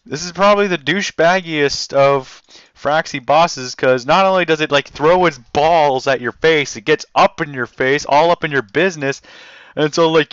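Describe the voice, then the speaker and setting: Excitable man doing game commentary. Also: a little high, normal speed, smooth, no echo, highs cut off. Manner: excitable, swearing, yelling at the game. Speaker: gamer. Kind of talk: let's play commentary.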